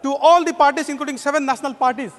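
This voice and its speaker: A man's voice: extremely high pitch, very fast, fairly bright tone, faint music behind. An Indian English-speaking man giving a formal parliamentary speech as a member of parliament, constantly addressing the chair as sir. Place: parliament chamber. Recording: long echo of a large chamber.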